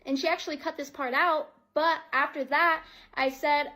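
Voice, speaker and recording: Woman, high voice, defensive and aggrieved, played from a social media video. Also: steady tone, normal speed, few pauses, pushed and bright.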